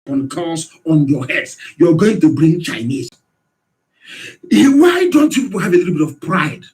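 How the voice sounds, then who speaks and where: A man with a Nigerian accent giving an impassioned political radio address, hectoring his listeners with rhetorical questions and sometimes shouting. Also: sits high. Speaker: radio broadcaster.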